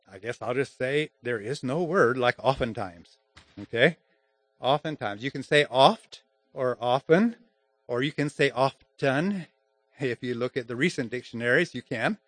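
A man teaching grammar and public speaking in an informal lesson, halting and restarting often, with chuckles between points. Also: mid-range voice, a bit bright, dry recording.

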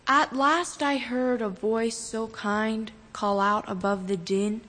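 A woman reciting a poem in a slow, measured way in a church. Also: on the high side, a bit bright. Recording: reverberant church hall.

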